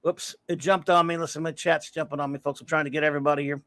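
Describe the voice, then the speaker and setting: A man's voice: fairly high pitch, level tone, quick pace, fairly bright tone, dry recording. A man hosting a casual livestream, rambling and greeting viewers by name as he reads the chat. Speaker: livestream host. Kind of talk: casual live-stream chat, reading chat aloud.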